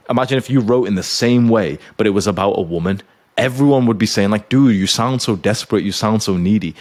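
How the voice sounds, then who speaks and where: A man's voice: low-pitched, a little mellow. A young man who coaches YouTubers, giving an intense motivational monologue to camera and swearing often. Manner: intense, swears often, urgent pep talk.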